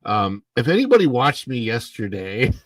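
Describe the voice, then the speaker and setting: A middle-aged man hosts a casual livestream from home, greeting chat viewers in a sleepy, unhurried ramble heavy with fillers. He talks into a clip-on mic just under his face, in a mid-range voice with big pitch swings and no room sound.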